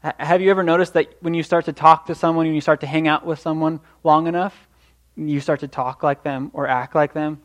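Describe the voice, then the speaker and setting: A young man delivers a sermon with earnest encouragement. His voice sits a little high for a man, and he often stumbles and restarts his phrases as he talks. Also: fairly even intonation, brisk. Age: young adult. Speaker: preacher.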